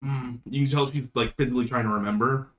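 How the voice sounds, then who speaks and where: A man's voice: mid-range voice, steady tone, fast, low-quality recording. A man running a tabletop game as game master, talking casually and laughing often.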